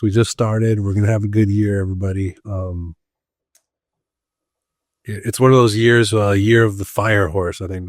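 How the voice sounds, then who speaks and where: A man's voice: lowish voice, darkish tone, no room sound, clean studio sound. A man hosting his own podcast in a casual, rambling solo chat, his voice strained and tired from long talking. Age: adult with school-age kids. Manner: rambling, many ums and restarts. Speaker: podcast host.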